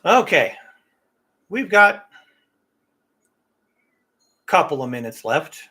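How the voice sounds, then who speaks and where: Man, stream host; slow, emphatic rant delivery, slightly raised pitch. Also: sing-song, bright, forceful tone, breathy edge. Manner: slow, opinionated, emphatic about pronunciation. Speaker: livestream host. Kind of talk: casual livestream rant.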